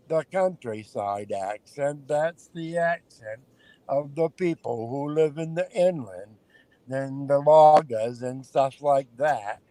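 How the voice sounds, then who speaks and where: A man's voice: mid-range voice, dark tone, no room sound, rough recording. A man from Maine calling in as a guest on a live stream, chatting in a folksy way while driving. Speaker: guest caller. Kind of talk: casual chat. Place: in a car.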